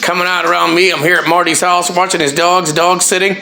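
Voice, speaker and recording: A man's voice: sits high, flat delivery, fairly quick, creaky, bright, forceful tone, echoey room, a little hiss or hum, poor audio. A man hosting a casual vlog in a house, laid-back and joking as he talks to dogs. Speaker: vlog host. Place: house, dog sitting.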